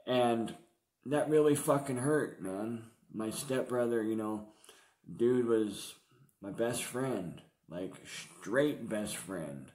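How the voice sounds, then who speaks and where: A man's voice: medium pitch, expressive, slow pace, a little mellow. A man vlogging about his past addiction in casual, slangy, profane storytelling. He comes across as confessional. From San Diego area. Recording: roomy echo.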